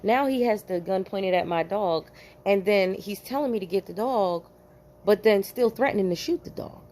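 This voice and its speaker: Animated, profane woman telling a story. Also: medium pitch, normal speed. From New Jersey. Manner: animated, profane, emphatic, laughs in bursts. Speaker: vlogger, former police officer. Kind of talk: storytelling rant to camera.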